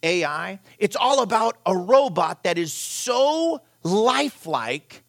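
A man's voice: high voice, big pitch swings, takes it slowly, creaky, a bit bright. A middle-aged man, a pastor, giving a conversational sermon full of rhetorical questions and short anecdotes.

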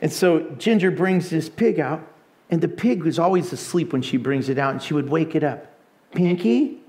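A man preaching a sermon with animated storytelling and frequent laughter. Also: on the high side, fairly quick.

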